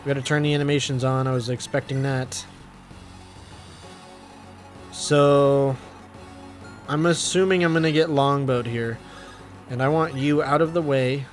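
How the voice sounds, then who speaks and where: A man's voice: mid-range voice, fairly even intonation, measured pace, long pauses. Chatty man narrating his gameplay. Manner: chatty, thinking aloud, self-deprecating. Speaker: video game let's-player. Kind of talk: casual gameplay commentary. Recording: faint background game music.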